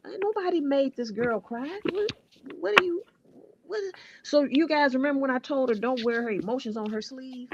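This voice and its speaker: A woman co-hosting an online stream, telling a long story in a blunt, animated way, swearing freely and repeating her words as she goes. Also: sits high, fairly quick, muffled recording, a little hiss or hum. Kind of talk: casual chat.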